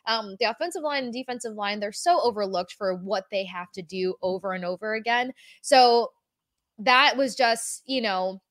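A woman co-hosting a sports podcast, talking in an expressive, easygoing way. Her voice sits at a middling pitch and sounds dry and close, with no room echo. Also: normal speed. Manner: expressive, laughs easily, tells anecdotes. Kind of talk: casual sports chat.

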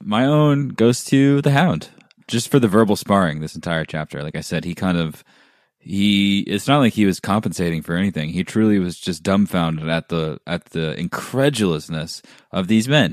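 A man's voice: sits low, moderate pace, no room sound, clean studio sound. A man co-hosting a podcast, chatting casually and reading quotes with gusto. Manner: animated, jokey, reads quotes with gusto. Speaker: podcast co-host. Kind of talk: casual book-discussion chat.

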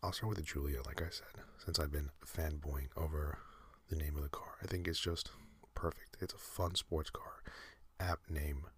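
A man hosting a sleep podcast, talking in a soft breathy whisper, slow and meandering with many fillers. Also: very deep voice, steady tone, no room sound. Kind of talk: rambling whispered sleep talk.

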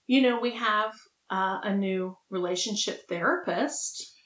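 A woman's voice: medium pitch, measured pace, fairly bright tone, echoey room, rough recording. A woman co-hosting a podcast in casual chat, playful and teasing, laughing often. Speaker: podcast co-host.

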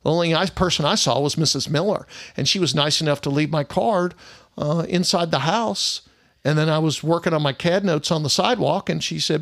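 A man's voice: a little high, animated, a little fast, vocal fry, fairly bright tone. A middle-aged man, a private investigator telling an indignant story in a casual monologue and acting out the other people's lines.

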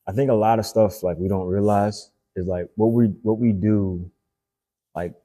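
A man in his thirties from Haiti, an actor chatting casually in an interview, animated and full of filler words. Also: on the low side, moderate pace. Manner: animated, fillers like "like" and "you know". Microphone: phone live stream.

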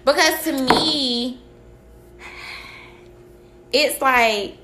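A woman chatting candidly as a podcast co-host, telling animated stories with quoted asides. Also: sits high, extremely slow, background noise. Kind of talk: casual chat.

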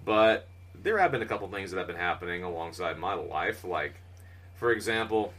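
Male podcast co-host, loose rambling storyteller, lowish voice, sits back from the mic. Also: lively intonation, moderate pace, fairly bright tone. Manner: rambling, laughs a lot, fillers and swearing. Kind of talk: casual podcast banter. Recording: distant from the mic.

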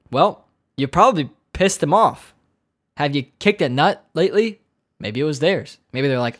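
A man's voice: fairly high pitch, expressive, a little slow. A man hosting a podcast alone, chatting casually with profane jokes and mock-dramatic asides. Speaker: podcast host. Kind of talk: casual solo podcast commentary.

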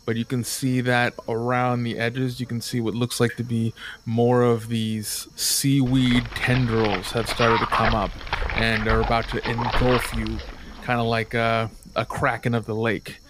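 A man narrating as game master of a tabletop game, describing scenes in a relaxed way with fillers. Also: mid-range voice, measured pace, very noisy.

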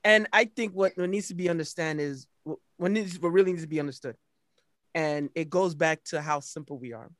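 A man's voice: fairly high pitch, a little fast, a bit bright, no echo, clean studio sound. A man in casual chat, speaking emphatically and repeating his points.

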